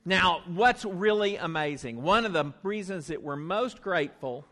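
A man giving a children's message in church, coaxing the kids to repeat short phrases slowly after him. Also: high voice, expressive, sharp tone. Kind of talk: children's message with call-and-response. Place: church sanctuary. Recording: long church reverb.

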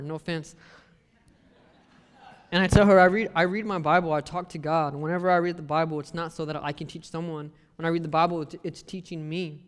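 Smooth and fairly high-voiced for a man, this young lay preacher speaks with a drawl, treating his sermon like a conversation. He weaves in scripture, tosses off jokes and voices his family members' quotes, all echoing through a hall with long reverb.

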